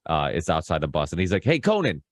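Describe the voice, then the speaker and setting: A man's voice: rumbling low, steady tone, fast, dry recording, clean studio sound. A man hosting a podcast in casual, rambling chat, full of restarts and fillers and freely swearing. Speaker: podcast host.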